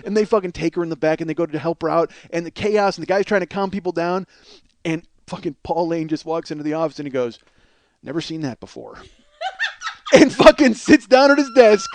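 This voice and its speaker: A man in his forties, a podcast host telling a comic story in a profane, animated way, often laughing, on a close podcast mic. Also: a little high, quick pace, no room sound. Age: 40s. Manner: profane, animated, swears freely and breaks into laughter.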